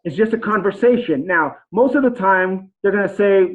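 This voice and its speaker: A man's voice: sits high, moderate pace, phone-quality sound. A man giving a casual, rambling coaching talk on sales calls, acting out example phone conversations. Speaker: sales trainer.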